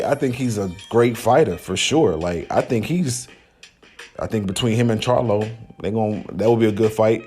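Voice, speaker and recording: A man's voice: mid-range voice, a little mellow. A man hosting a podcast, talking casually about boxing in loose slang with laughing asides. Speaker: podcast host.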